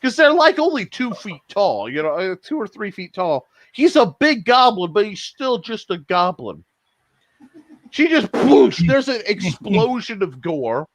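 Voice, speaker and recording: A man running a tabletop game as game master, animated and laughing as he narrates. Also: high voice, no echo. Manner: animated, laughing, jumps between narration and quick voices.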